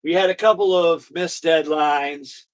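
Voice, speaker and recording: A man's voice: on the high side, a little slow. A middle-aged man leading an online exercise class over a video call, encouraging and upbeat, telling stories between movement cues.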